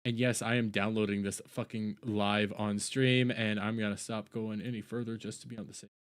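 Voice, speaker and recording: A man's voice: fairly low pitch, little pitch movement, moderate pace. Profane, incredulous male streamer. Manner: profane, exasperated, breaks into incredulous laughter. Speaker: streamer reacting to clips. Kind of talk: casual live-stream commentary.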